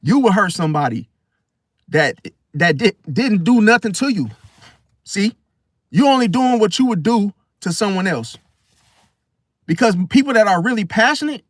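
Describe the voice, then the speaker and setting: A man's voice: high voice, expressive, moderate pace, long pauses, no room sound, clean studio sound. A man, talking through a casual, preachy monologue about star signs and acting out other people's voices. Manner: preachy, acts out voices of others, repeats "see?" and "right?". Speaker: astrology commentator.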